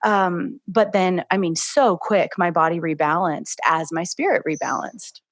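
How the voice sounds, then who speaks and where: Woman podcast host, soft, reflective, low-ish pitch, dry close sound. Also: unhurried, no room sound. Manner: soft, reflective, gives frequent murmured agreement. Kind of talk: podcast interview.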